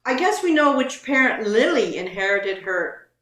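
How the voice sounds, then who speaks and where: A woman's voice: on the high side, big pitch swings, normal speed, a bit bright, reverberant. A woman co-hosting a casual show, reading online posts aloud and commenting on them.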